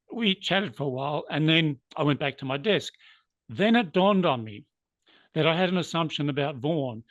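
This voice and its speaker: A man's voice: a little high, a bit bright, no echo, highs cut off. Earnest man telling a workplace story. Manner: earnest, moved to emotion at times. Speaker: interview guest. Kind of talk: reflective storytelling.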